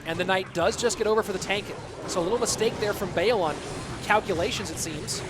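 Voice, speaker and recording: A man's voice: sits high, fast, over music. A man with an American accent casting a live video game tournament, chatting with viewers between plays. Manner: chatty, reads and answers viewer chat. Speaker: esports caster. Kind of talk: live esports commentary with chat banter.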